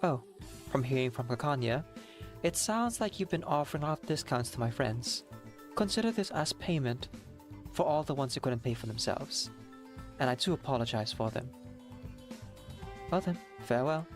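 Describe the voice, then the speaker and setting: A woman voicing a formal, courteous woman in a fan game dub, speaking softly and in a measured way. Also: extremely low pitch, expressive, soft background music, voice pushed down. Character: poised, courteous woman client paying a cab fare.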